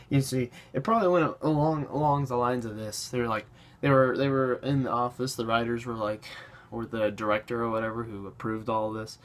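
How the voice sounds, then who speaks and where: A man's voice: mid-range voice, fairly even intonation, fairly quick. A man ranting sarcastically as a vlogger, breaking into laughs between points. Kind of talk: ranting commentary.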